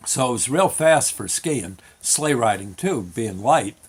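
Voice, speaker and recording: An older man hosting his own show, telling a rambling childhood story with chuckles and halting restarts. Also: mid-range voice, expressive, husky. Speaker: show host.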